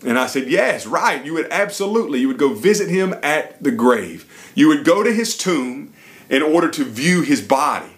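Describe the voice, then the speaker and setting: A middle-aged man preaching, telling a personal story in a lively, emphatic sermon style. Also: mid-range voice.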